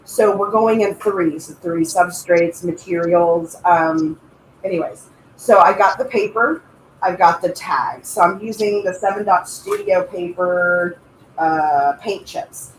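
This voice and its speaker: A woman's voice: on the low side, takes it slowly. A woman co-hosts a casual craft livestream, greeting viewers in a playful, sing-song way. Her voice carries a roomy echo, with faint noise underneath. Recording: echoey room with faint noise.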